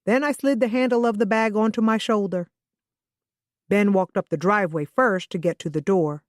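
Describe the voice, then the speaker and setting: A woman reading a first-person thriller audiobook in a steady, even manner. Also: medium pitch, moderate pace, no echo, studio quality. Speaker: audiobook narrator.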